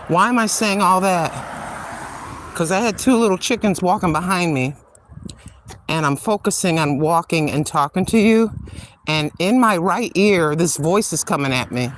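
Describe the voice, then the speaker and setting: A woman's voice: on the low side, expressive, measured pace, pauses often, a little hiss or hum. An older woman hosting a casual livestream while walking outdoors on a street, chatty and rambling, laughing often as she digresses. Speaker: livestream host.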